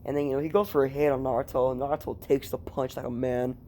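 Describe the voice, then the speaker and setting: A man's voice: medium pitch, level tone, fast, darkish tone, a little hiss or hum. A man casually retelling a fan story at home, rambling and swearing, with lots of fillers. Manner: rambling, profane, heavy with fillers. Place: room at home.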